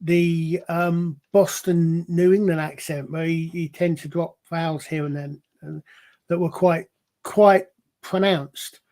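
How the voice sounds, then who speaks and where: A man's voice: a little high, steady tone, slow pace, darkish tone. A man in a casual panel chat, explaining things at length in a rambling, digressive way with many restarts. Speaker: panel guest.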